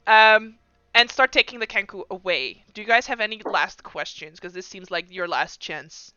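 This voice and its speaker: A game master narrating a tabletop game in a lively way, briskly describing what the characters do. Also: mid-range voice, clear, resonant tone, dry recording, dull audio. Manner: animated, laughing, describes actions briskly.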